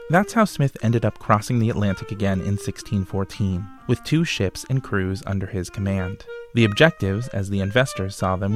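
Male history narrator, scripted delivery, wry and dry humor, lowish voice. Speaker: podcast host.

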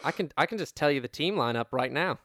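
A man's voice: a little high, animated, quick pace, fairly bright tone, dry recording, clean studio sound. A man from Washington State co-hosting a casual comedy podcast, joking around and playing a mock British accent. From Kirkland, Washington. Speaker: podcast co-host.

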